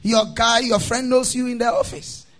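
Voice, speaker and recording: A man preaching a sermon, chanting his lines in a sing-song cadence, calling the congregation to repeat after him, then dropping into a quieter teaching tone. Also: very high voice, flat delivery, normal speed. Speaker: pastor.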